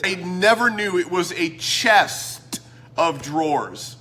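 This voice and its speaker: Animated, bright-voiced comic man hosting. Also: high voice, slow pace. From Canada. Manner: theatrical, self-mocking, swings between loud and mumbled. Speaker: host. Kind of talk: comedic rambling show hosting. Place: indoor room.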